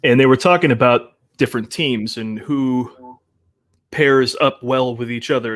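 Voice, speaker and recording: A man with a mid-range voice joins as a guest over a video call. He banters casually in a joking, animated way and keeps darting into quick asides. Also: mid-range voice, no room sound, clean studio sound.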